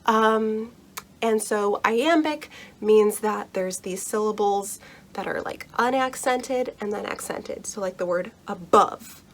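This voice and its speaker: A woman's voice: medium pitch, takes it slowly, a little hiss or hum. Chatty young woman vlogging about books. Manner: chatty, reassuring, frequent "like" and "um", laughs often. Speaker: book vlogger explaining Shakespeare. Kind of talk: casual explainer vlog.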